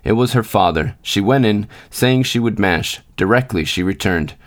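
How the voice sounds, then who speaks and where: Low-voiced man reading a story aloud. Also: expressive, normal speed. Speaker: podcast story reader. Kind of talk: measured literary narration.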